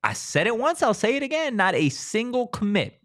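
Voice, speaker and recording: A man's voice: high voice, big pitch swings, moderate pace, a bit bright. A man hosting a sports talk show, brash and mocking, swearing freely in casual chat.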